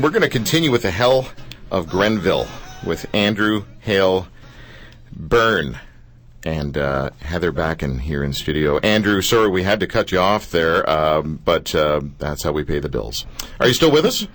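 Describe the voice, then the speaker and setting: A man hosting a live radio talk show from a studio. He talks in an animated way, with many stumbling restarts. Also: sits low, moderate pace, soft background music.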